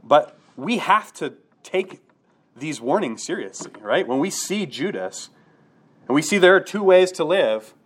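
A man preaching a sermon to his congregation, earnest and direct, often checking in with rhetorical questions. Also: fairly high pitch. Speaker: pastor.

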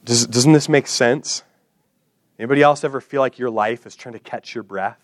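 A man's voice: mid-range voice, brisk, no room sound, clean studio sound. A man preaching in repeated, rhythmic phrases. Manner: repetitive, rhythmic phrasing that builds and settles. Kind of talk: expository sermon.

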